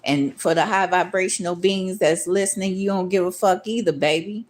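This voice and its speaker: A woman's voice: lowish voice, moderate pace. A woman, ranting to her viewers in a profane, confrontational, streetwise monologue that acts out other people's voices. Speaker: vlogger.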